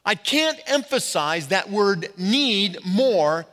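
A pastor giving a sermon to his congregation, leaning hard on key words and slowing down to stress them. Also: sits high, sing-song, a bit bright. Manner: emphatic preaching with slow stressed words. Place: church sanctuary. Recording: reverberant hall.

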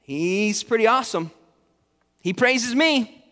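A man's voice: extremely high pitch, expressive, slow, pushed and bright, heavily acted. A man voicing God as a laid-back, chummy figure who brags about a favorite follower, in a hall with reverb. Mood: chummy boasting. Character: casual boastful God, male, friendly.

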